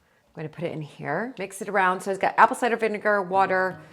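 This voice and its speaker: An American woman chatting casually to viewers in a vlog, excitable as she shows her kitchen garden. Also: medium pitch, quick pace, soft background music. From United States. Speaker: vlogger.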